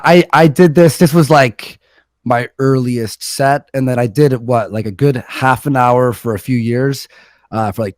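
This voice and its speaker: Abwehrender Mann, trockener Klang. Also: male voice, mid-range voice, no echo. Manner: defensive, self-deprecating. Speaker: guest, former stand-up comedian. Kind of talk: casual chat on a livestream.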